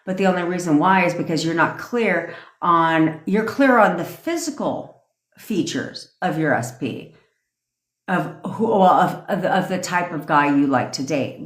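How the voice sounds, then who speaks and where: A woman coaching on a livestream in a casual rant, blunt and profane, with quick laughing asides. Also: deep voice. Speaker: manifestation coach. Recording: echoey room.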